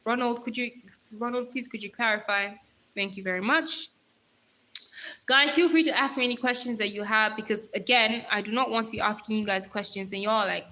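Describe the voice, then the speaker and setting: A woman's voice: a little high, steady tone, brisk, sharp tone, poor audio. A young woman hosting a casual livestream on her phone, reading out viewer comments and talking straight to them in a chatty, giggly way. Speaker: livestream host.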